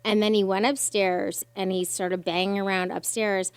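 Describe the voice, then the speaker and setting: A woman guest on a podcast, with a clear, resonant, medium-pitched voice, shares a deeply emotional personal story at a moderate pace. The recording has no room sound, and she speaks animatedly, cursing freely and imitating the voices of the people she quotes.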